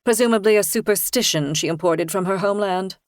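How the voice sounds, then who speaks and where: A woman voicing a haughty, wealthy older mother-in-law who talks in a brisk, condescending way. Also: medium pitch, dry recording, studio quality, natural voice.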